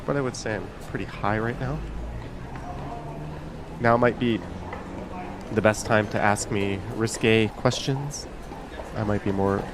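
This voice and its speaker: A man hosting a casual live stream, joking and reading out viewer comments. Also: medium pitch. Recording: loud street crowd and traffic noise.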